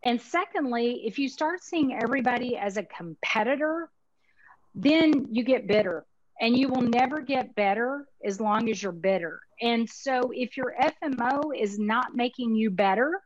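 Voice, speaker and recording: A woman in her fifties with a Texas accent, chatting in a folksy, emphatic way full of Southern sayings. Her voice sits a little high, recorded close and dry over a slightly dull, lo-fi video call line. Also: expressive, normal speed, dry recording. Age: 50s. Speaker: insurance marketing organization owner, guest. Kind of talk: casual conversational interview.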